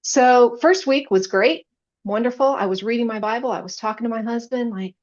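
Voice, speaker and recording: A woman's voice: a little high, moderate pace, dull audio. Earnest woman sharing a faith testimony. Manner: earnest, emotional storytelling. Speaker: podcast guest, chaplain.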